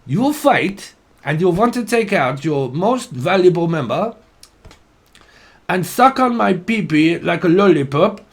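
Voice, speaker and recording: A man putting on a mock Russian accent to voice an excitable, confused foreign man who speaks halting broken English. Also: high voice, pitched above the performer's own voice, full character voice. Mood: bewildered.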